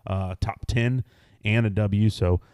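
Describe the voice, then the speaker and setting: A man in his thirties co-hosting a casual sports betting podcast, running quickly through lists of bets and odds. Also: on the low side, steady tone, darkish tone, no room sound, studio quality. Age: 30s. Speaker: podcast co-host.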